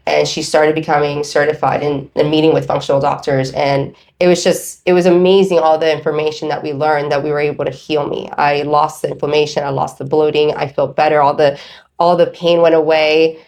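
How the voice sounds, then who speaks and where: Low-voiced woman telling a story. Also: fairly quick. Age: 30s. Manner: animated storytelling with quoted voices. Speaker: podcast guest. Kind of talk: personal story in casual chat.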